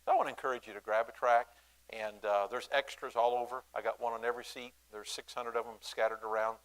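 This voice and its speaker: A male pastor, speaking to his congregation in a folksy, halting way, with many fillers and restarts and calls for the room to answer back. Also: medium pitch, fairly even intonation, fairly bright tone, poor audio. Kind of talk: church announcements and sermon to a congregation. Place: church sanctuary.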